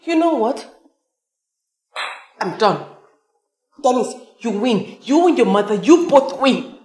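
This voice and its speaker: A woman's voice: on the high side, very animated, slow pace, dark tone. Actress doing a bitter nigerian girlfriend, cutting tone, swoops up and down, roomy echo. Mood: scornful. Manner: cutting, scornful. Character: scorned young girlfriend, bitter and fed up.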